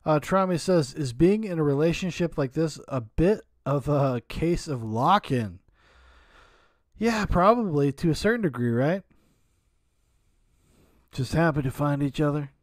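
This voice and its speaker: A man's voice: on the high side, lively intonation, unhurried, long pauses, no echo, studio quality. A man hosting a reaction video, giving blunt, mocking commentary and swearing freely. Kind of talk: crude sarcastic commentary.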